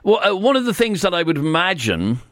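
Irish man, radio phone-in host, relaxed questioning, close dry studio mic. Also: high-pitched, brisk, dry recording. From Ireland. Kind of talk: live radio phone-in chat. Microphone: studio microphone.

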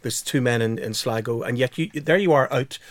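A man hosting a podcast, chatting casually and warmly enthusiastic, laughing easily. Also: medium pitch, brisk, no room sound. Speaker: podcast host. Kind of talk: casual chat.

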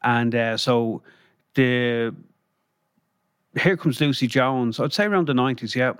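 A man's voice: medium pitch, a little slow, clear, resonant tone, no echo, clean studio sound. An Irish man, a guest on a podcast, telling anecdotes in a rambling, chatty way, with lots of fillers and chuckles. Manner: rambling, lots of "you know" and "um", chuckles while telling stories. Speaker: guest, former band crew member. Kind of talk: casual anecdotal storytelling. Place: podcast studio.

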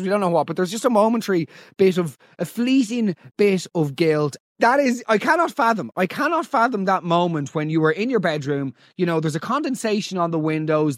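Theatrical Irish man mocking with wild pitch swings. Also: dry recording, studio quality. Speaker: podcast host. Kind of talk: comic commentary on listener voice notes.

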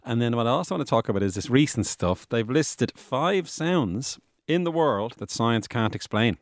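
A man with a booming voice, hosting a science podcast in a rambling, chatty way. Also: expressive, moderate pace, no room sound. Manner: rambling, chatty, conversational with restarts. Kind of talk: casual explanatory podcast talk. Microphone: studio microphone.

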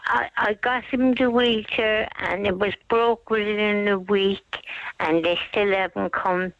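Aggrieved woman in her sixties, slow. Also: mid-range voice, fairly even intonation, fairly bright tone, dry recording. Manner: aggrieved, insistent. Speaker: caller, mother and carer. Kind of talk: phone-in radio call. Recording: dull lo-fi phone-in line.

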